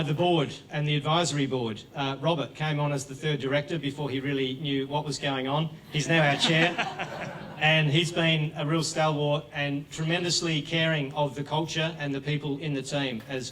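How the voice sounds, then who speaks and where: A man with an Australian accent giving a grateful speech at a live event as a charity co-founder, trailing off softly with fillers. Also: on the high side, steady tone, normal speed, slight background noise. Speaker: charity co-founder thanking supporters. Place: event hall with an audience. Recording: distant mic in a crowded hall.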